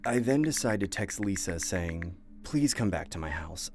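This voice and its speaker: A man narrating a first-person horror story in a measured, scripted way. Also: deep voice, expressive, soft background music. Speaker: narrator and voice actor.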